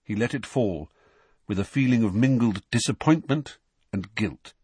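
A man narrating an audiobook in an expressive storytelling manner. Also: fairly low pitch, normal speed, breathy edge, dry recording. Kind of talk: scripted narration.

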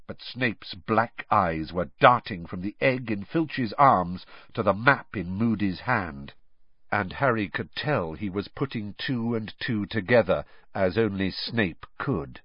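Male audiobook narrator, animated and dramatic, dry slightly dull audio. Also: lowish voice, slow pace, slightly rough, no room sound.

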